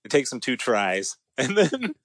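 A man in mid-range pitch chats casually as a podcast co-host. He tells a story in an animated way, his voice soaring upward and dissolving into giggles at the best bits. The sound is dry and close. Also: measured pace, dry recording. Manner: animated storyteller, voice rising high and laughing when excited. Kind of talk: casual chat.

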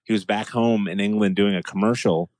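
A man's voice: fairly low pitch, fairly quick, dry recording. A man co-hosting a casual podcast chat, talking animatedly and acting out what people said. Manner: animated, acts out quoted lines. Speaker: podcast co-host.

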